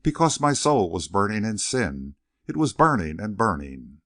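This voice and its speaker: A man reading an audiobook, voicing a gentle, wistful elderly male servant who speaks in a soft Southern drawl. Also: fairly low pitch, sing-song, moderate pace, heavily acted.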